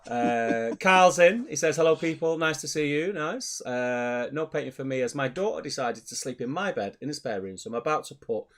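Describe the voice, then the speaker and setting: A man's voice: mid-range voice, lively intonation, moderate pace, few pauses, a bit bright. Man banters while reading chat. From England. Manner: banter, reads out chat messages. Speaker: stream host reading chat. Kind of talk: casual chat.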